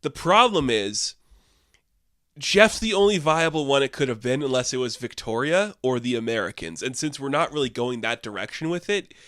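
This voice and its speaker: A man's voice: medium pitch, animated, moderate pace, fairly bright tone, dry recording, clean studio sound. A man giving a casual, enthusiastic film review, rambling and saying "like" often.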